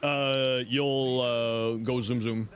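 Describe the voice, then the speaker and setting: A man's voice: mid-range voice, fairly even intonation, drawn-out words. A young man streaming a game, chatting casually and joking as he reads chat aloud. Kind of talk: casual live game commentary.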